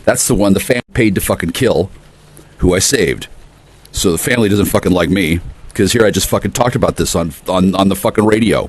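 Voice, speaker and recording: A man with a fairly low voice rambles into the camera outdoors on his porch. His pitch leaps and drops all over the place as he curses and jumps from one grievance to the next, loud one moment and murmuring the next. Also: sing-song, fairly quick, long pauses, breathy edge. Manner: profane, erratic, shifts between ranting and murmuring.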